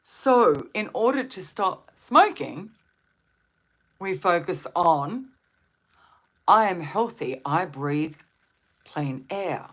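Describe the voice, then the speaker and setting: A woman's voice: lowish voice, lively intonation, drawn-out words, pauses often. A woman hosting a live stream on wellbeing, talking to viewers in a soothing, reflective way and asking them questions. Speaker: meditation and wellbeing host.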